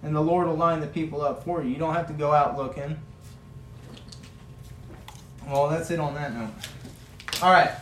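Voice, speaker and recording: Folksy preacher guy telling a story in a sermon, kinda high voice, echoey church room. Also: fairly even intonation, fairly quick, fairly bright tone, slight background noise. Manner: folksy, vivid retelling, rising to passionate emphasis.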